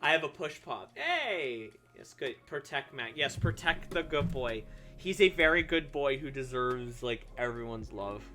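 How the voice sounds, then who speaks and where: A man's voice: medium pitch, very animated, measured pace, pushed and bright, faint music behind. A man streaming live while drawing, chatting casually and answering his chat with jokes and asides.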